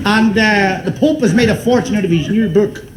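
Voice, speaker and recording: A man doing stand-up, teasing the audience between quick one-liners. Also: high voice. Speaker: stand-up comedian. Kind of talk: stand-up joke telling. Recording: echoey, very noisy old broadcast.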